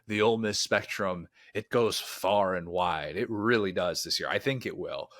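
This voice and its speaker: A man's voice: low-pitched, normal speed, a bit bright, dry recording. Man talking sports on a dry mic. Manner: rambling, talks himself into tangents. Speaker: co-host. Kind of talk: casual sports podcast chat.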